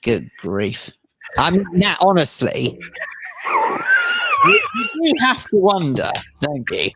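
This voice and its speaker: A man's voice: fairly high pitch, wildly swooping pitch, slow, noisy background. A man co-hosting a radio chat show who makes dry, mock-formal jokes. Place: radio studio.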